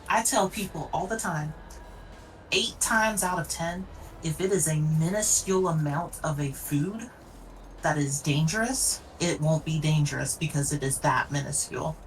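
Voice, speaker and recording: Streamer woman, low voice, blunt and exasperated, casual chat, mic a little distant. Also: moderate pace, a little hiss or hum. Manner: blunt, exasperated storytelling with profanity.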